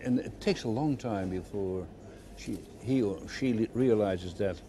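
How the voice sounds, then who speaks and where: An older man, giving an interview and recalling his retail career in halting, repeated phrases. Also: fairly low pitch. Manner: halting, repeats words while searching for phrasing. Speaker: interviewee, former retail executive. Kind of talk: reflective conversational interview. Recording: noisy background hiss.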